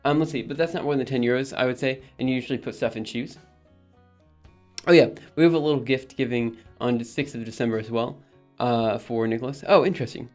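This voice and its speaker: A man chatting casually on a live stream, thinking aloud with many pauses and restarts. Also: mid-range voice, fairly even intonation, darkish tone, soft background music. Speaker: streamer and project maintainer.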